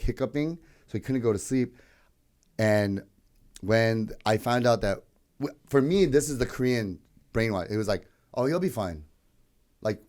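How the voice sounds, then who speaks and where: Young adult male podcast co-host, slightly low voice, easygoing and chatty. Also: a little mellow. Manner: loose, chatty, lots of "like" and "yeah". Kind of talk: casual storytelling chat.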